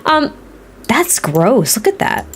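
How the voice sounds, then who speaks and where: A woman's voice: a little high, sing-song, takes it slowly, faint music behind. Chatty woman streamer, laughing easily. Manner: chatty, rambling, laughs often; talks to chat viewers, reads their comments. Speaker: live streamer. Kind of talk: casual chat while building in a game.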